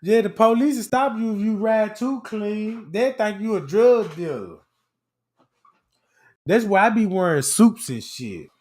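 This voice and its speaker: A man with a high voice spins loose, comic stories as he hosts a casual chat. His talk is slangy, and he keeps checking in with his listeners. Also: animated, measured pace, a little mellow. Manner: slangy, keeps asking "you know what I'm talking about". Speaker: host of an open chat stream. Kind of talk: casual comedic storytelling.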